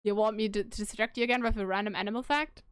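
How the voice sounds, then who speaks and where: A woman's voice: mid-range voice, fairly even intonation, racing, smooth, no echo, clean studio sound. A woman in a casual online podcast chat over a voice call, giggling and steering the talk back on topic. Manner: giggly, keeps the talk on track. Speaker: podcast participant.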